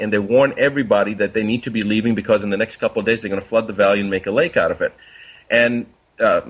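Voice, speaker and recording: A man's voice: lowish voice, fairly bright tone. A man, a doctor, telling a parable in an earnest conversational way. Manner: earnest, tells a parable with quoted dialogue. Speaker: doctor guest. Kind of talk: conversational storytelling.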